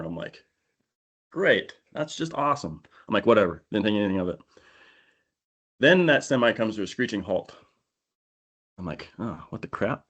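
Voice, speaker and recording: A man on a podcast telling a long, animated hunting-trip story in casual chat, acting out the people he quotes. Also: fairly low pitch, dull audio. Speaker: podcast co-host. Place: indoor podcast studio.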